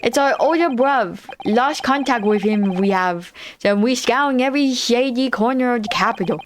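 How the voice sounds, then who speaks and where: A woman voicing a young male petty thief from a game, putting on rough British slang. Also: a little high, moderate pace, a little hiss or hum, natural voice. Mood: pleading. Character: cockney-style thieving brother, young man.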